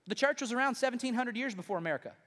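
A man's voice: very high-pitched, animated, very fast, sharp tone. A man preaching a sermon as pastor, emphatic and conversational, with frequent rhetorical questions, in a large church auditorium. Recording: long reverb in a large hall.

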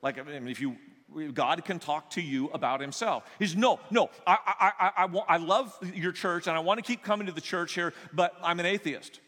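A man pastor telling stories in a sermon, animated and joking, acting out the people he quotes. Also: on the high side, fairly quick. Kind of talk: sermon storytelling. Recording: long echo of a large hall.

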